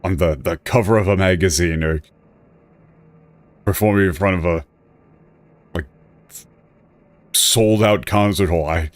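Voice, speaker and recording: A man's voice: sits low, a little slow, pauses often, dry recording. A male streamer giving rambling, self-correcting casual commentary with an exasperated edge.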